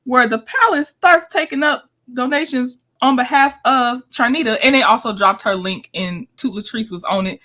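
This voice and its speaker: A bright, forward-sounding woman hosting a live commentary stream. She is chatty and laughs often as she recaps clips and talks to her viewers in the chat. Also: sits high, normal speed, few pauses. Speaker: commentary host.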